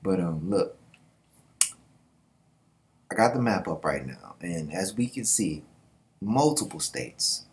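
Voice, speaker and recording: A man hosting his own video channel, talking in a casual, slangy, animated way with quick asides and laughs. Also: low voice. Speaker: YouTube host. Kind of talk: casual commentary.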